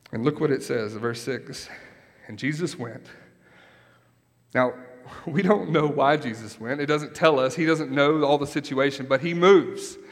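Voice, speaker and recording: In a large hall, a pastor whose voice sits on the high side delivers a sermon in a chatty way. He keeps checking in with his listeners by asking "right?"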